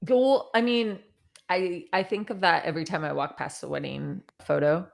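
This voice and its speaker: A woman co-hosting a podcast, chatting casually about a reality show with quick jokey asides and frequent laughter. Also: fairly low pitch, vocal fry. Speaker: podcast co-host.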